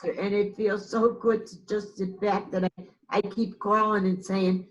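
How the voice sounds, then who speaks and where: A woman's voice: medium pitch, little pitch movement, normal speed, highs cut off. A woman co-hosting a local public access talk show, earnest and opinionated in casual chat. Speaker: co-host.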